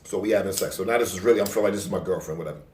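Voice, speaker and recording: A man's voice: sits low, rapid-fire. A young man, casually telling a personal story in loose, profane street talk. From Staten Island, New York. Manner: loose, profane street talk, acting out his own past lines louder. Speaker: vlogger. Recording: roomy, distant from the mic.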